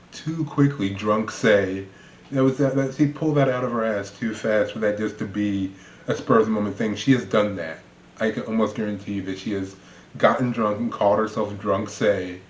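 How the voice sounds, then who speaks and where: A man's voice: lowish voice, slight background noise. A man casually commenting as he reacts to video clips, rambling with lots of fillers and laughing often. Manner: chatty, rambling, laughs a lot, many fillers. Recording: roomy, dull lo-fi sound.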